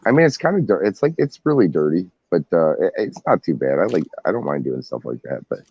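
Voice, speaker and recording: A man with a deep, lively voice chats on a podcast, hesitating at times and teasing the others. His mic sounds dull and dry. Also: fast, breathy edge, no room sound. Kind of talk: casual podcast banter.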